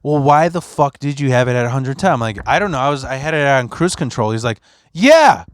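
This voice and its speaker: A man in his late thirties hosting a podcast, telling stories in a casual, profane, animated way and leaping into loud voices for the people he quotes. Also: mid-range voice, brisk, dry recording, studio quality. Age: 30s. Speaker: podcast host. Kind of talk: casual storytelling chat.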